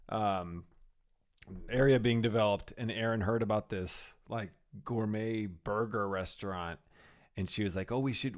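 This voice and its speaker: A man co-hosting a podcast, telling animated stories in casual chat and laughing at his own jokes. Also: mid-range voice. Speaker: podcast co-host.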